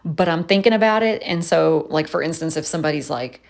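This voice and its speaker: A woman's voice: sits low, fairly quick, vocal fry. A woman chatting casually in a voice-over, telling stories and laughing often. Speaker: planner vlogger.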